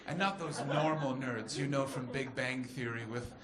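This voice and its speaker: A man performing a stand-up comedy set on stage, telling a story with animated delivery and shouted punchlines. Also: mid-range voice, normal speed, roomy sound. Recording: live club recording with crowd laughter. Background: audience laughing.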